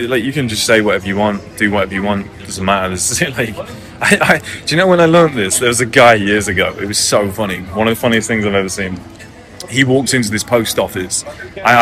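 Casting: young guy vlogging from a cafe, lowish voice with a bright, forceful edge, cocky banter and frequent swearing. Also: fast talker, faint music behind. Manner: brash, joking, swears freely. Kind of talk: casual talk to camera. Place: cafe by the water.

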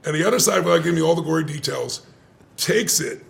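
An older man telling a story in conversation, animated, swearing casually and laughing often. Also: on the high side, fast, creaky.

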